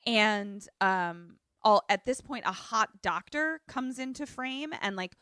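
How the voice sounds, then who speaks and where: Animated, joking woman podcast co-host. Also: medium pitch, takes it slowly, clean tone, no room sound, studio quality. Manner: animated, joking storyteller, swears freely. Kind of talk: casual chat, retelling a film. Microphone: remote call setup.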